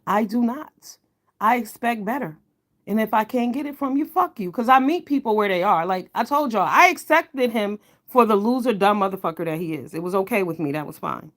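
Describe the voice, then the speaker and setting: Woman vlogger, mid-pitched voice, blunt, heated, profane commentary rant. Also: animated, brisk. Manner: emphatic, swings between low mutters and loud outbursts. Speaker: online commentator. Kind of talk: ranting commentary vlog.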